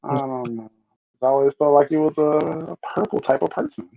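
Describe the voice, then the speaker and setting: A man's voice: a little high, fairly even intonation, normal speed, gravelly, warm tone, no echo, highs cut off. A man playing a tabletop game, bantering in character in a teasing way.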